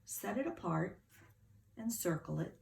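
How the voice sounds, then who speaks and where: A middle-aged woman teaching a phonics lesson to young children, sounding out words slowly and patiently. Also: medium pitch, animated, creaky, a little mellow, a little hiss or hum. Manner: slow, patient, over-articulated sounding out.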